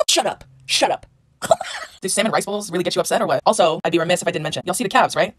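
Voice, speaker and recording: A woman's voice: lowish voice, very fast. A woman content creator delivering a brash, sassy, profane comedic rant to camera, laughing often.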